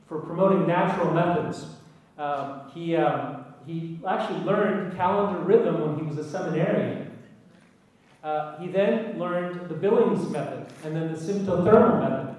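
Speaking at normal speed, a man with a high, slightly mellow voice delivers an earnest, anecdotal talk to an audience, punctuated by emphatic lists and wry asides. He sounds distant from the microphone, with a strong large-hall echo.

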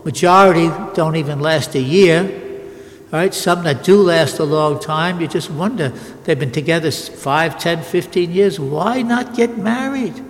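A man's voice: a little high, moderate pace. Older male priest preaching in a reverberant church. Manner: emphatic, repetitive preaching with frequent restarts. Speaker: Catholic priest. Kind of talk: sermon.

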